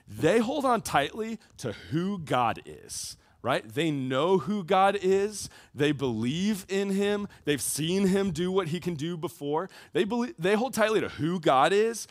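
A man preaching a sermon to high schoolers as a youth pastor, talking casually and conversationally with frequent asides. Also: no echo.

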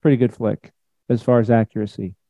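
A man preaching a sermon in a conversational, emphatic way, swinging between loud and soft. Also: medium pitch, level tone, fairly quick, no echo, highs cut off. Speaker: pastor.

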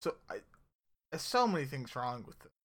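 A man co-hosting a casual podcast, animated and joking, thinking aloud with lots of asides. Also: mid-range voice, moderate pace, a crowd in the background. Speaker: podcast co-host.

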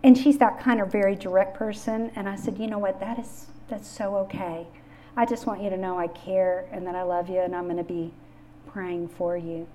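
A woman's voice: mid-range voice, steady tone, moderate pace, mellow, a little hiss or hum. A middle-aged woman hosting a faith-based podcast on grief, telling personal stories in an earnest way. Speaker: podcast host.

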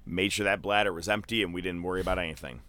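A man chatting casually as a podcast co-host, telling a loose, profane story full of fillers and jumping into animated quoted voices. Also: very fast. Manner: animated, jumps into high-pitched quoted voices. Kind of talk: casual chat.

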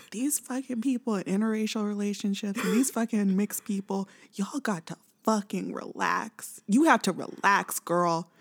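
A woman's voice: mid-range voice, a little slow. Blunt, profane woman chatting. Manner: blunt, profane, laughs often, mimics people. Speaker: podcast co-host. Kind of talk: casual chat.

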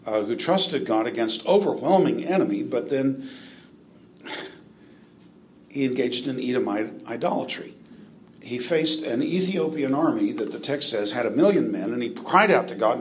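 A man's voice: mid-range voice, a little hiss or hum. A man from the United States giving a classroom Bible lecture in a conversational way, with fillers, asides and questions to the class. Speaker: Bible teacher.

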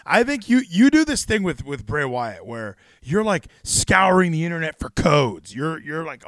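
A male podcast host rambles through casual wrestling talk, his voice rising and falling in lively swings. He swears freely and trips over restarts, slightly high for a man. The sound is close and dry. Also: moderate pace, hardly any pauses, no echo.

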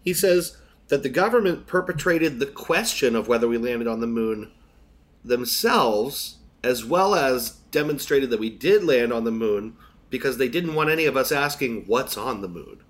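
A man's voice: mid-range voice, animated, moderate pace. A man co-hosting a casual podcast chat, explaining things in detail and getting mildly exasperated. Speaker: podcast co-host.

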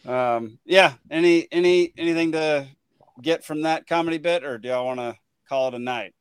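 Laughing casual podcast host, dry sound. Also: male voice, on the high side, moderate pace, clean tone, dry recording. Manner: laughs often, trails off with ums. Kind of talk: casual late-night chat. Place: his home, alone with dogs.

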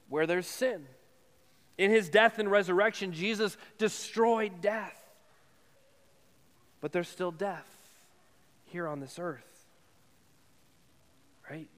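Man, pastor, sermon, earnest, high voice, echoing church hall. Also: a bit bright, smooth. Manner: earnest, repeatedly asks "right?".

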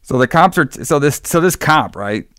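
A man co-hosting a podcast rambles casually through a film's plot, tossing in loose, profane asides. His voice sits on the high side, animated and fairly bright, at a moderate pace. The recording is dry and studio quality.

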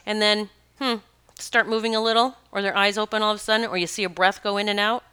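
Spiritual teacher lady chatting casually, bright crisp voice, lots of laughs. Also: mid-range voice, fast talker. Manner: animated, emphatic, laughs often. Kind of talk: casual storytelling monologue.

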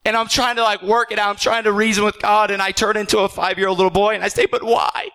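Guy pastor preaching, pretty high voice, lots of repeated questions and "okay?", stumbles and restarts a lot. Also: little pitch movement, quick pace, pushed and bright, clean tone, rough recording. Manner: earnest, repeats rhetorical questions, checks in with "okay?"; frequent stammered restarts. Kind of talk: sermon.

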